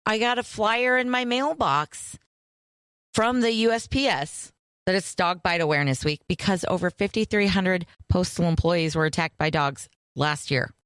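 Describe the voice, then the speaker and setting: A woman's voice: on the low side, moderate pace, a bit bright, clean tone, dry recording. A woman co-hosting a casual podcast chat, matter-of-fact and understated as she brings up news items. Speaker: podcast co-host.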